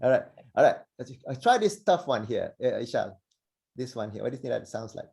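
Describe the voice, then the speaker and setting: A man teaching Arabic letter pronunciation on a video call, patient and encouraging, slowly demonstrating each sound. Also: mid-range voice, big pitch swings, creaky, darkish tone. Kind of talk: online pronunciation lesson.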